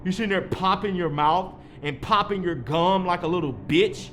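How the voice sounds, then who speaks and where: A man's voice: high-pitched, moderate pace, a bit bright, a little hiss or hum. A man in his thirties delivering a rambling, heated monologue, swearing freely as he lectures. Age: 30s. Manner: heated, profane, preachy. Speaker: vlogger.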